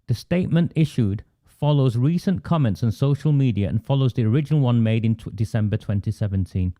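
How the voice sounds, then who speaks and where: A man's voice: mid-range voice, a little fast. Indignant Oldham man on a video call. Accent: Oldham, Northern English. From England. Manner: animated, indignant, many restarts and fillers. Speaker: host of online political show. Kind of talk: conversational video call discussion.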